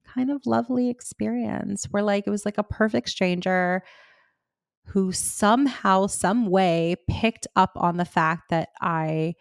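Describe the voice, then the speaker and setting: A woman's voice: medium pitch, measured pace, creaky, no echo, clean studio sound. A young adult woman hosting a podcast, telling a personal story in a casual, chatty way, with lots of "like" and a candid, open tone. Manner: chatty, heavy use of "like", candid and emotional. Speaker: podcast host.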